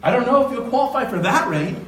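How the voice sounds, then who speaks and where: An older man giving a motivational real estate talk to an audience, telling lively stories and breaking into shouts and laughs. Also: very high-pitched, quick pace, slight background noise. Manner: animated storyteller, shouts and laughs. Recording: echoey room from a distance.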